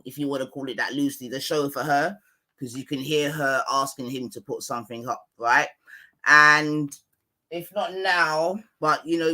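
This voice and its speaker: A man with a London accent comments on a live stream in a casual, slangy way, and at times he turns loud and animated. His voice sits a little high and sounds bright and forceful.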